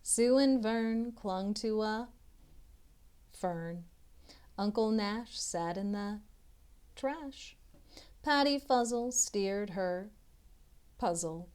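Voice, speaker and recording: Slow, expressive woman reading aloud to kids. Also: medium pitch, clean tone. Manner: expressive storybook reading with chatty asides to children. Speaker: literacy tutor. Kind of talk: children's read-aloud.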